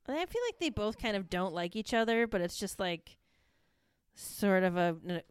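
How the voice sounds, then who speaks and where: A woman's voice: mid-range voice, expressive, moderate pace, smooth, dry recording, studio quality. A woman co-hosting a podcast in a casual, rambling chat, laughing often. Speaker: podcast co-host.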